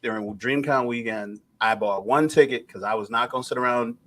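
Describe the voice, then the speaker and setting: A man co-hosting a podcast, chatting casually and acting out quotes in an animated storytelling way. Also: mid-range voice, brisk. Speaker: podcast co-host. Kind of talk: casual chat.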